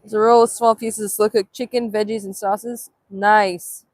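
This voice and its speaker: A woman's voice: medium pitch, flat delivery, normal speed, dry recording. A young woman chatting casually on a livestream outdoors at sunrise, reading chat aloud in a playful way, filmed on a handheld phone. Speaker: livestream vlogger.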